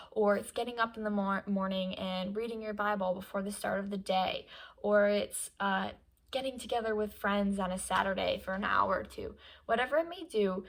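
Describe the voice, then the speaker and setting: Young adult woman vlogger, earnest and encouraging, mid pitch, slipping into a near hush at times. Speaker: vlogger giving stress tips. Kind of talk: encouraging vlog talk to camera.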